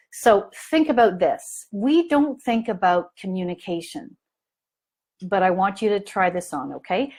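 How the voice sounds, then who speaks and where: Slow-talking woman leading a parent training. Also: mid-range voice. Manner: storytelling, asks the audience questions, many fillers. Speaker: family consultant giving a training. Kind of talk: live online training talk.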